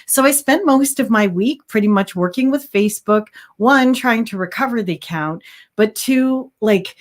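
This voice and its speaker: A woman's voice: a little high, lively intonation, moderate pace. A woman hosting a casual livestream chat, talking chattily with many fillers and restarts and reading out viewer comments. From Canada. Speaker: livestream host, handmade hat seller.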